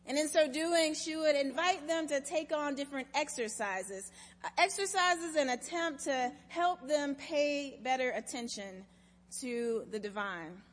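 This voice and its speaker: In a church sanctuary, a woman pastor tells a story during her sermon in a measured, expressive way. Her voice is high, and a long reverb tail trails after it.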